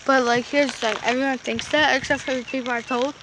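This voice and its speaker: A woman's voice: high voice, steady tone, fast talker, noisy background. A woman vlogger telling a story in a casual, rambling way, full of fillers, with "flippin'" and "effing" in place of swearing.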